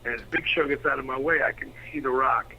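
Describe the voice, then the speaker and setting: A middle-aged man, a former pro wrestler, telling profane, animated anecdotes as an interview guest. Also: medium pitch, fast talker, slight background noise. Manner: profane, animated storyteller acting out quotes. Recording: slightly dull lo-fi recording.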